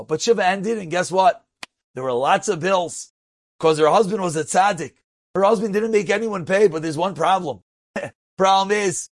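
Man, storytelling talk, high pitch, animated, dry close sound. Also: no room sound. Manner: animated, acts out voices in the story. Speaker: rabbi telling an inspirational story.

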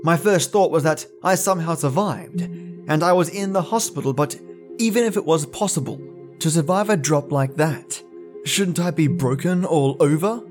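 A man narrating a first-person story for a podcast in a steady, deliberate reading voice. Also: fairly high pitch, over music.

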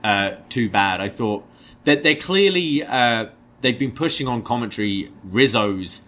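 A young man co-hosting a review show in casual chat, giving measured opinions with lots of fillers. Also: medium pitch, expressive, pushed and bright. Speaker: podcast co-host.

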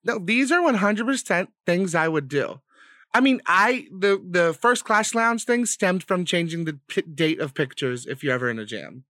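Bright-voiced young man telling stories. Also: high voice, normal speed, no echo, clean studio sound. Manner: profane, animated storytelling. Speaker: podcast co-host. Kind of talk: casual storytelling chat.

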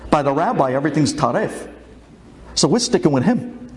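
A man's voice: on the high side, lively intonation, moderate pace, natural voice. A man voicing blunt male slaughterhouse workers who speak matter-of-factly.

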